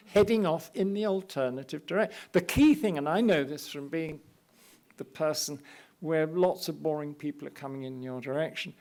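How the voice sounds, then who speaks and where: A man's voice: a little high, normal speed, vocal fry, darkish tone. An older man with a British accent giving an architecture lecture in a hall, full of wry, self-deprecating anecdotes. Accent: British English. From England. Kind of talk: public lecture with slides. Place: lecture hall at an art academy.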